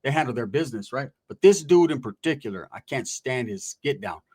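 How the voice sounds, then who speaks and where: A man's voice: medium pitch, expressive, a little fast, a little mellow, slightly rough. A man casually telling prison stories in profane, streetwise slang, acting out the voices of people he quotes. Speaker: guest recounting prison stories. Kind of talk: casual storytelling.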